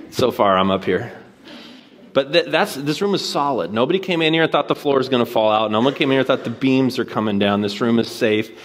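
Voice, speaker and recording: Animated man preaching a conversational sermon. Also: mid-range voice. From Washington State, USA. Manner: animated storytelling, acts out quoted voices. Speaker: guest preacher.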